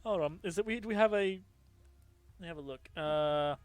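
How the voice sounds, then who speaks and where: High-voiced excitable man commentating. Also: fairly quick, clean tone, dry recording. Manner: excitable, laughs often, self-correcting. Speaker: tournament caster. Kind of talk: casual game commentary.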